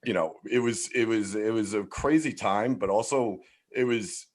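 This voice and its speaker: A man's voice: lowish voice, moderate pace. A man in his forties from Philadelphia, telling stories as a podcast guest in a loose, profane way full of fillers. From Philadelphia, USA. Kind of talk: casual storytelling chat.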